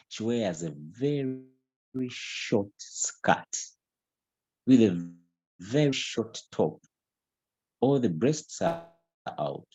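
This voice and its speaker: A middle-aged man delivers an emphatic, repetitive business training talk. His voice sits low and mellow, with a husky edge. The recording is dry and somewhat dull. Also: dry recording. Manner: emphatic, repetitive, mixes in local language.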